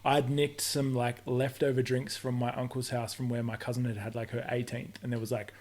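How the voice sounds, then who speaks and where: Animated young Australian man telling stories. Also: mid-range voice, fairly quick. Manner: animated storyteller, swears freely, acts out quotes in voices. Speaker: podcast guest. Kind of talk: casual chat.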